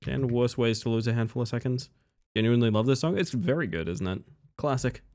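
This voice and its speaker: A man's voice: mid-range voice, a little fast. A tired man chatting casually with his viewers while streaming a game. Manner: relaxed, chatty, talks to chat between runs. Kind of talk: casual gameplay commentary.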